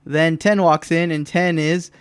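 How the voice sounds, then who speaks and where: Podcast co-host, male; smooth, dry-recorded, playful recap voice that mimics the characters. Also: fairly high pitch, unhurried, no echo. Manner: animated retelling, mimics wrestlers' lines with laughs. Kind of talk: casual chat recapping a wrestling show.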